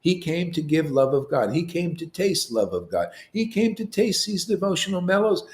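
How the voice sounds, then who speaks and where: A man's voice: fairly high pitch, big pitch swings, normal speed, few pauses, darkish tone. Man giving a casual devotional talk. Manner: colloquial, asks rhetorical questions often. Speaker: spiritual teacher.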